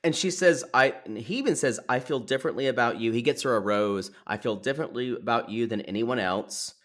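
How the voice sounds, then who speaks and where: A man's voice: medium pitch, a little fast, fairly bright tone. Chatty man retelling a reality show. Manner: chatty storyteller, acts out quotes, many fillers. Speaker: podcast co-host. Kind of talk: casual chat recapping a reality show.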